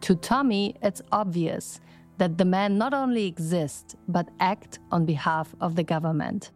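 A woman reporter narrating an investigative news piece in a measured, even delivery. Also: on the low side, faint music behind.

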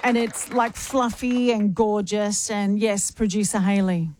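A woman's voice: medium pitch, little pitch movement, a little slow, crowd noise, noisy background. An Australian woman co-hosting breakfast radio, playful and reactive in casual banter. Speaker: radio co-host. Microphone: studio microphone.

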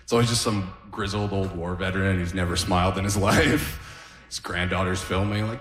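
A man in his thirties performs a rambling, self-deprecating stand-up set, frequently chuckling at his own jokes, in a roomy, reverberant space. His voice is low and fairly bright, brisk, with fairly even intonation.

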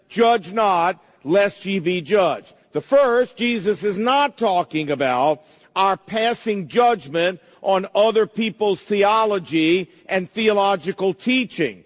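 Middle-aged guy preaching in church, emphatic, high voice, echoey hall. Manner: emphatic preaching with slowed quoted verses. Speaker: pastor. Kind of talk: sermon.

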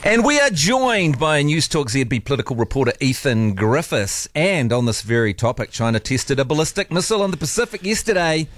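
A man's voice: a little high, sing-song, brisk, few pauses, no echo. A man hosting a talk radio show, chatty and jokey. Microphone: studio microphone.

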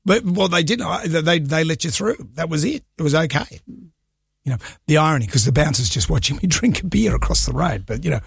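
Gravelly Australian radio host. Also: male voice, a little high, expressive, fairly quick, no room sound, studio quality. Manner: chatty storyteller, laughs often. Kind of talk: casual breakfast-radio banter. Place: radio studio. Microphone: studio mic.

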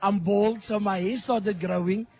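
Hoarse, high-voiced man. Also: steady tone, measured pace, a little mellow. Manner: enthusiastic, emphatic. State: hoarse, lost voice. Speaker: studio guest, teacher. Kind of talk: radio interview. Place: radio studio.

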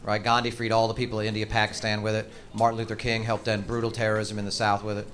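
A man doing a stand-up comedy routine on stage, ranting in a profane, exaggerated way with sudden shouted outbursts. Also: on the low side, monotone, fast. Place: comedy stage before a live audience.

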